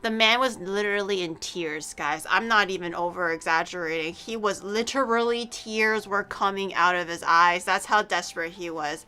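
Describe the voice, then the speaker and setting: A woman streamer chatting casually on a livestream, rambling excitably and swearing freely. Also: on the low side, moderate pace, few pauses, clear, resonant tone.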